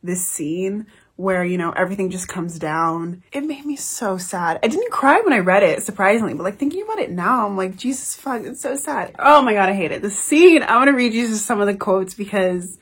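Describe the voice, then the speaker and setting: A woman's voice: mid-range voice, lively intonation, fairly quick, few pauses, breathy edge. A young woman talking casually about a book she loves, gushing and emotional, swearing freely. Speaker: book reviewer. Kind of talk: casual book review chat.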